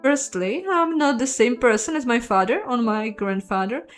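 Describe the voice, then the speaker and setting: A woman plays a poised young empress, her voice lifted high above ordinary speech, formal and measured as she argues her case. Clear guitar music runs behind her in this narrated game. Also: natural voice. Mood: diplomatic.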